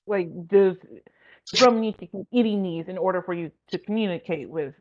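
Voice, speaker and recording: A woman's voice: medium pitch, normal speed, highs cut off. A woman playing a tabletop game on a call, talking hesitantly and thinking aloud. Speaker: player. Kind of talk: casual tabletop game chat.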